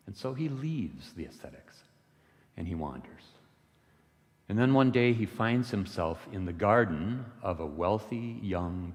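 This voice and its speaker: A man giving a storytelling sermon, retelling a parable in an unhurried, gentle way. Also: sits low, long reverb tail. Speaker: lay worship speaker. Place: church sanctuary.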